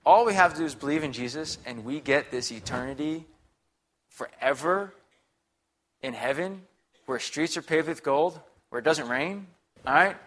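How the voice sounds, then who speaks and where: A man's voice: fairly high pitch, normal speed, fairly bright tone. A young man preaching a sermon in a chatty, upbeat, conversational way, often checking in with the congregation. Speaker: guest preacher.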